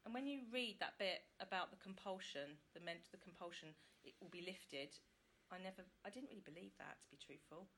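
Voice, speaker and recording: A woman giving a candid, halting, heartfelt personal testimony as a member sharing at a support meeting. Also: on the low side, fairly bright tone, a little hiss or hum.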